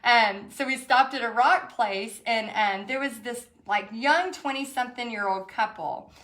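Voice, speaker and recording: Chatty woman with a higher voice. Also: a little slow, fairly bright tone. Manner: chatty storytelling with frequent laughs. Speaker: painting instructor hosting an online paint party. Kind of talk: casual chat while painting.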